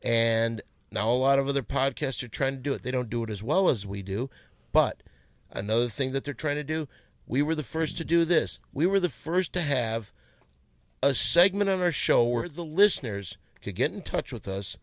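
A man's voice: medium pitch, lively intonation, normal speed, no room sound, clean studio sound. A brash man hosting a comedy podcast, reading listener letters aloud. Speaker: podcast host.

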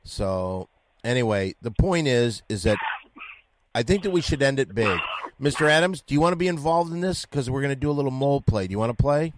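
A man's voice: mid-range voice, animated, a little fast. A man hosting a comedy podcast, talking in a loose, rambling, jokey way. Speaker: podcast host. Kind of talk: casual comedy podcast banter.

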